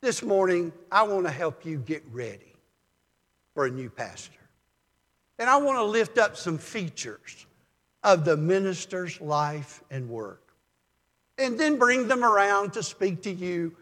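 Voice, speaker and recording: An older male pastor delivers a sermon, easing into folksy stories with a calm, measured pace. His voice sits fairly high for a man. The sound rings out with the long reverb of a church sanctuary.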